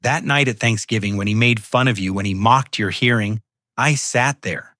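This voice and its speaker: A man's voice: lowish voice, normal speed, sharp tone, no room sound, studio quality. A man voicing a remorseful adult daughter who pleads tearfully in a storybook reading.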